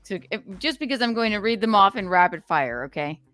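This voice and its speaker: A woman podcast host in casual chat, reading a long list fast and giggling between words. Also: medium pitch, lively intonation, fairly bright tone, no room sound. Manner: reads in rapid fire, giggling through words.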